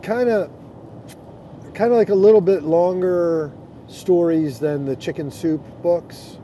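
Man, middle-aged, pastor, slightly high voice, casual chat, earphone mic, road noise in a car. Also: dark tone. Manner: reads scripture slowly, then chats loosely with fillers. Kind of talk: casual chat on a social audio app. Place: inside a moving car.

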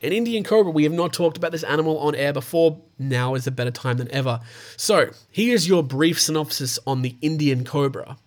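A man's voice: on the high side, animated, fairly quick. Australian man reading wild animal news. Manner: stumbles over names, swears in asides. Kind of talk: casual news read-through with asides.

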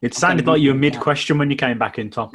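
A man's voice: mid-range voice, fast talker, crowd noise. A man co-hosting a podcast over a video call, chatty and joking. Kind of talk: casual interview.

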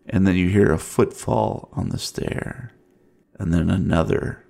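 A low, gravelly man's voice telling a horror scene at an unhurried pace. He narrates as game master, drawing out the dramatic moments. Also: steady tone, a little mellow.

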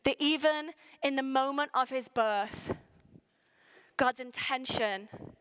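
A woman's voice: high-pitched, takes it slowly, pauses often, fairly bright tone, clear, resonant tone, dry recording. A woman preaching a Christmas sermon to a congregation, earnest and emphatic, slipping into the voices of the people she imagines. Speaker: pastor.

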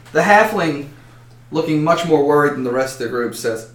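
A man's voice: fairly high pitch, normal speed. A man narrating a fantasy battle story dramatically, with occasional slips. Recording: roomy echo.

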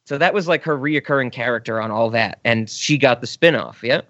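A man's voice: mid-range voice, fairly quick, a bit bright, a little hiss or hum. A man in his thirties co-hosting a podcast, talking in an easygoing, reflective way with occasional fillers. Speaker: podcast co-host. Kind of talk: casual podcast chat. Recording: slightly dull, dry lo-fi audio.

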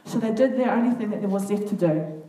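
A woman reading a children's Bible story aloud to a group, with earnest, expressive comments between passages. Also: medium pitch, fast talker. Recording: echoey room, far from the mic, faint noise.

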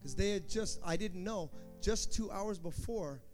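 A man with a high voice preaches a sermon, acting out each story as he tells it. He jumps into shouted quotes and then drops back to a low, earnest tone. A faint guitar plays behind him. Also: measured pace. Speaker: pastor.

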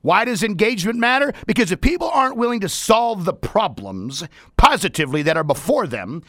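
A man hosts a radio talk show in a high, lively voice that climbs and dips with animated energy. His tone is bright and sharp, and the dry studio sound keeps him close and upfront. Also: normal speed, dry recording. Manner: animated, shouting, playful asides. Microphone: studio microphone.

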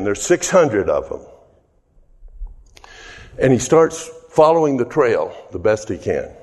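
A man's voice: medium pitch, darkish tone. A man preaching a sermon, telling a story earnestly and asking the listeners rhetorical questions. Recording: echoey hall.

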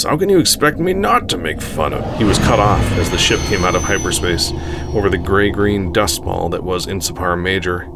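A man reading a science fiction story aloud in a steady, unhurried way. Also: sits low, slight background noise. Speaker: narrator. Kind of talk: storybook narration.

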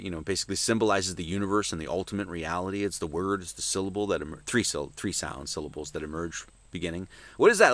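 A man preaching at a Sunday service, emphatic and swinging between loud emphasis and hushed asides, with many restarts. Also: lowish voice, no room sound.

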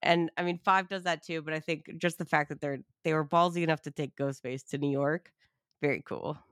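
Excitable swearing woman podcaster, dry sound. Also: sits low, fairly quick, clean tone, no room sound. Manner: excited, swears freely, acts out her own reactions. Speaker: podcast co-host. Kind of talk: casual movie chat.

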